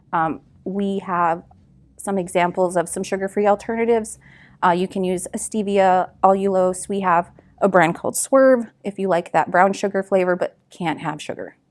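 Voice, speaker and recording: Woman, food educator, easygoing how-to demo with ums and uhs. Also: medium pitch. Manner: relaxed instructional, frequent fillers. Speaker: community food associate. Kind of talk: cooking demonstration.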